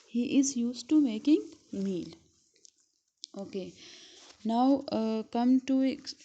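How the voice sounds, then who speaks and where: A woman teacher from Pakistan giving a school lesson, speaking slowly and repeating words syllable by syllable. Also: a little high, mellow. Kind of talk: recorded classroom lesson. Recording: dull lo-fi recording.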